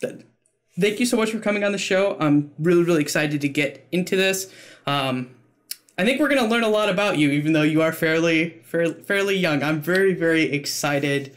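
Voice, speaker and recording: A man hosting an esports interview podcast, opening with a scripted intro and then asking questions in an eager way, stumbling over his words when excited. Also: a little high, fairly quick. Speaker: podcast host.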